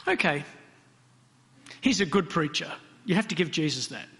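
Male preacher, conversational and questioning, slightly high voice, echoing hall. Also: sing-song, normal speed, pushed and bright. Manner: conversational, asks the congregation questions. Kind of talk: interactive sermon. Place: church hall. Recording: long hall reverb.

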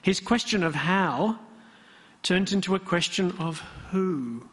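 Male preacher, conversational and questioning, slightly high voice, echoing hall. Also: expressive, slow, fairly bright tone. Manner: conversational, asks the congregation questions. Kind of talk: interactive sermon. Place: church hall. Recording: long hall reverb.

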